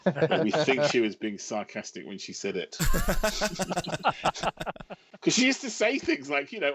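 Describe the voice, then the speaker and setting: A writer in his fifties from England chats as a podcast guest. He tells wry, self-mocking stories with a lively, swooping delivery in a mid-range voice. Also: mid-range voice, unhurried, pauses often. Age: 50s. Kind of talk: casual podcast chat.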